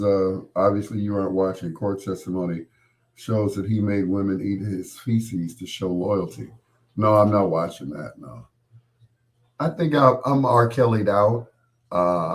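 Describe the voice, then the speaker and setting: A man's voice: low voice, a little mellow. A middle-aged man, still getting his voice back after being sick, chats casually and jokingly with viewers on his live stream as host. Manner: rambling, joking, talks straight to viewers. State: recovering from losing his voice.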